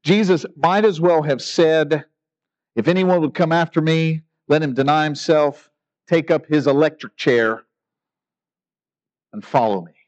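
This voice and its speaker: A man's voice: on the high side, unhurried, pauses often, darkish tone, dull audio. A man preaching a sermon in an earnest, emphatic way, asking rhetorical questions. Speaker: pastor.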